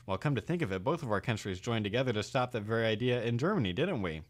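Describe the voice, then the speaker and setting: A male podcast host reading a listener letter aloud with animated, stumbling restarts. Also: mid-range voice, fast talker, hardly any pauses.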